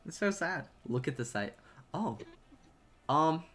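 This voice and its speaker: A man's voice: fairly high pitch, sing-song, takes it slowly, fairly bright tone. A young man streaming live, chatting casually and reacting playfully to viewer drawings.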